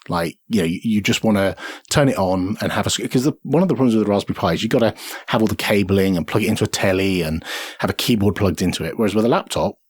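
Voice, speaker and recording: Low husky man rambling about tech. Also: dry recording, clean studio sound. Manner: rambling, with many fillers and restarts. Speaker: podcast co-host. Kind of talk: casual tech podcast chat.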